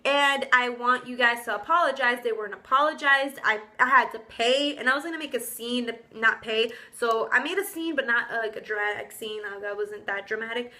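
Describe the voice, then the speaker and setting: A young woman telling a storytime vlog in a casual, indignant, animated way, full of slang. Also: fairly high pitch, brisk, few pauses. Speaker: vlogger.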